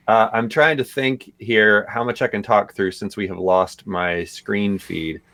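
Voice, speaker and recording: A man's voice: lowish voice, fairly even intonation, takes it slowly, fairly bright tone. A man co-hosting a live stream, answering viewer questions in a loose, rambling way with lots of fillers. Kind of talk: casual live-stream chat.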